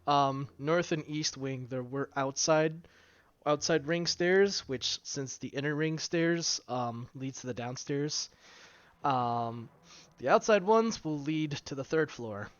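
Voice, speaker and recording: A man's voice: a little high, takes it slowly, dry recording. Hesitant male game master on a call. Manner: hesitant, lots of ums and self-corrections. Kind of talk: running an online tabletop game. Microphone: online voice call. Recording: dull lo-fi voice-call audio.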